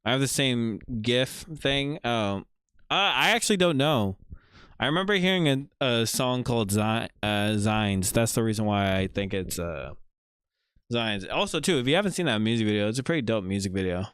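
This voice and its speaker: A man hosting a casual livestream, chatting in a relaxed, rambling way with many fillers while showing viewers' art. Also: medium pitch, normal speed, clean tone, no room sound. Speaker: livestream host.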